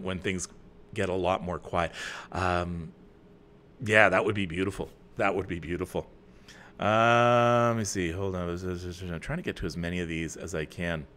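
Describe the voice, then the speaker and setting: A middle-aged man from Canada hosting a live chat, reading viewer comments with loud bursts and quiet asides. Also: low-pitched. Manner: chatty, with many fillers and restarts. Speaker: host.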